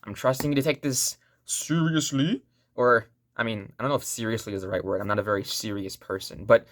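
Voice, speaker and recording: A woman's voice: extremely low pitch, a little fast, no room sound, studio quality. A woman teaching a language lesson online in a playful, joking way, repeating sounds for learners to say back.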